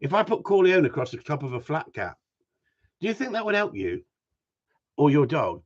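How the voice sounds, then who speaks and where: A man chatting live to his viewers, joking and ribbing them with the odd swear word. His pitch swings up and down a lot as he talks. The sound is dull and lo-fi. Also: huge pitch swings, normal speed. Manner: joking, teasing banter with mild swearing. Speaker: gundog trainer hosting a live stream. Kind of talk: casual live-stream chat reading viewer comments.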